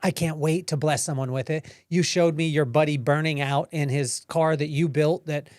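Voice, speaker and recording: A man's voice: a little high, fairly even intonation, normal speed, a little mellow, no echo, studio quality. A man hosting a podcast, asking long, winding questions that restart mid-thought. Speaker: podcast host. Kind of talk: interview questions.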